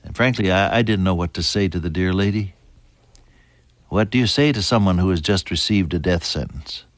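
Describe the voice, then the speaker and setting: Earnest low-voiced male preacher. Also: normal speed, no room sound. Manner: earnest, swells to emphatic peaks then drops soft and hushed. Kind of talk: sermon.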